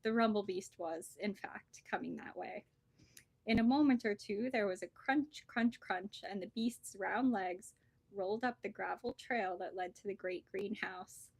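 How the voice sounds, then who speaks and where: A woman bookseller reading a children's storybook aloud with lively, expressive storytelling. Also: medium pitch, measured pace, vocal fry, slightly rough, dry recording.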